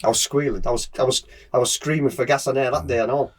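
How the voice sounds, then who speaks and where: A man's voice: medium pitch, steady tone, quick pace. A middle-aged man from England, a guest on an interview podcast, telling stories in a chatty, laughing way with many yeahs. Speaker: guest racer. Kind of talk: casual interview chat.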